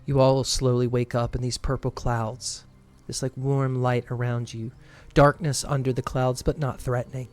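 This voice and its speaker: A man running a tabletop game as game master, narrating scenes in a relaxed, descriptive way. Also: mid-range voice, normal speed.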